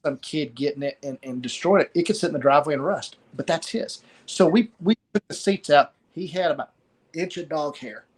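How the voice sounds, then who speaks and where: Halting man telling a story. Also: on the high side, breathy edge. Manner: halting, pauses and repeats words. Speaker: guest sharing a story of loss. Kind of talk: emotional personal storytelling.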